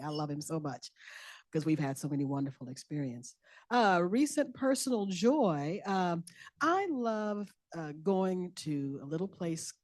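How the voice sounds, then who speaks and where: An older woman, a farmer and educator, introducing herself at a community meeting in a chatty way with drawn-out emphatic repeats. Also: low-pitched, a little mellow, dry recording, clean studio sound.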